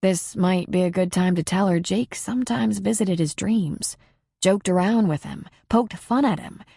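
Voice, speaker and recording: A woman narrating a novel as an audiobook in a measured, even storytelling voice. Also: medium pitch, creaky, breathy edge, dry recording, clean studio sound. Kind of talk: scripted narration.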